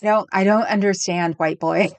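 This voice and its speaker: A middle-aged Californian woman hosts a livestream from home on a desk mic, chatting casually with live chat, rambling and laughing often. Her voice is medium-pitched with fairly even intonation and normal speed, and there's no room sound.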